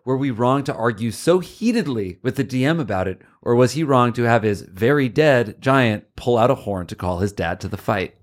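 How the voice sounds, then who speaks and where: Casting: male co-host, mid pitch, reads mail with dry mock-formality. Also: animated, moderate pace, few pauses. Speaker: co-host reading listener letters as bailiff. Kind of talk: reading a letter aloud.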